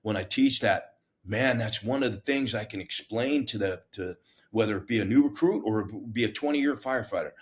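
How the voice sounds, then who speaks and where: Middle-aged man, lowish voice, fire captain telling stories, blunt and self-mocking, restarts a lot. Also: normal speed. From United States. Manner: animated, self-mocking, plain-spoken with many restarts. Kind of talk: casual interview storytelling.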